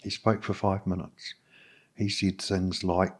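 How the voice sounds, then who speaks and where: With fairly even intonation, a middle-aged New Zealand man on a podcast speaks in a low, husky voice. He relates his personal story honestly, though haltingly, with plenty of "um"s and restarts.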